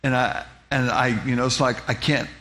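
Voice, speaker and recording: A man telling his own testimony in a meandering, storytelling way. He restarts phrases and repeats words as he goes. He describes things in close, vivid detail, and his voice sits at an everyday middle pitch with faint noise behind it. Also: steady tone, moderate pace, fairly bright tone. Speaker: speaker giving a personal testimony.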